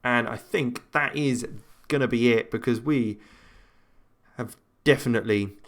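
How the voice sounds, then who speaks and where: A man's voice: medium pitch, a little slow. Chatty man commentating his own game. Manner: chatty, rambling match commentary with self-talk and frequent fillers. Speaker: gaming channel host. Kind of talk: let's-play gameplay commentary.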